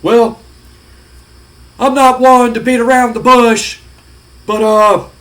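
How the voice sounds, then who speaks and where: A man imitating a gruff male wrestler answering a backstage interviewer in a plain-spoken drawl. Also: extremely high pitch, flat delivery, slow pace, a bit bright, voice pushed up, exaggerated voice. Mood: matter-of-fact.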